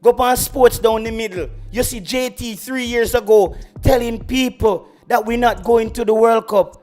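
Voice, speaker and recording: A man's voice: very high-pitched, steady tone, normal speed, a little mellow, faint music behind. A Jamaican man hosting a football channel, ranting boastfully on a livestream and slipping into patois. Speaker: football YouTube host. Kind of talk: heated livestream football rant.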